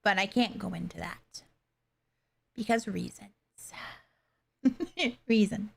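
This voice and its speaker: A young adult woman chatting casually with her livestream viewers, halting and soft-spoken, with many fillers and pauses. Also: mid-range voice, gravelly, breathy edge. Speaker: streamer.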